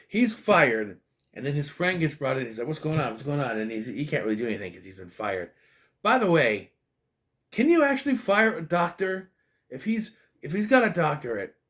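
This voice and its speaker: A man giving a casual spoken movie review, ranting in an exasperated way, swearing and rambling with restarts and stammers. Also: mid-range voice.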